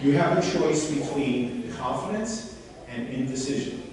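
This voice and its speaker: Animated male speaker in an echoey hall. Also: mid-range voice, measured pace, a crowd in the background. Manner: coaching, animated, asks the audience questions. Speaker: seminar speaker. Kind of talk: live workshop demonstration with a volunteer. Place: large hall before an audience. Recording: echoey hall, mic far off.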